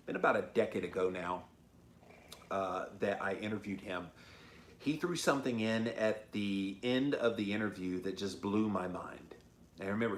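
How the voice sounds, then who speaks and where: A man's voice: on the low side, slight background noise. Chatty man hosting a livestream. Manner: upbeat, chatty, frequent ums and uhs. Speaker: host of a diet livestream. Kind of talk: casual livestream chat, reading viewer comments. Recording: roomy echo.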